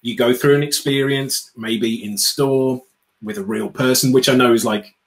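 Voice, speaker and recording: A man's voice: medium pitch, steady tone, normal speed, low-quality recording. An outspoken man from the UK with a British accent, a guest in an interview, talking sarcastically and acting out little quotes. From United Kingdom. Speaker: guest, customer experience speaker. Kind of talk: animated interview chat.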